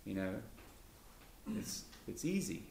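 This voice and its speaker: Male co-host, casual Bible talk, jumps higher for quotes; roomy, slightly noisy recording. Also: takes it slowly, gravelly. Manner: lively, pitch jumps up when voicing Jesus. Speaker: co-host of a Christian talk show. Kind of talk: conversational Bible teaching. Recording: echoey room.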